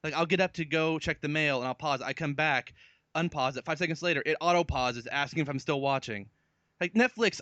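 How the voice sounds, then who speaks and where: A man's voice: fairly high pitch, brisk, sharp tone, no room sound. A man co-hosting a casual podcast, rambling along and laughing at himself, heard over a remote call. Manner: rambling, self-amused, laughs often. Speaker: podcast co-host. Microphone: remote call mic.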